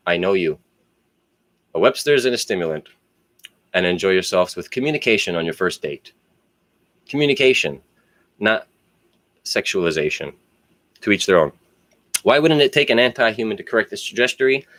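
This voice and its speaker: A man's voice: fairly low pitch, expressive, normal speed, pauses often, fairly bright tone, no room sound. A man, rambling and philosophizing in a profane solo monologue. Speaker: solo video host.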